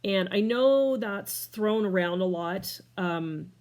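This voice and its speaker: A woman's voice: slow pace, darkish tone. A middle-aged woman in a casual talking-to-camera life update from home, rambling and scattered, tearful and emotional, laughing through tears. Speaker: vlogger. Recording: clear background noise, furnace rumble.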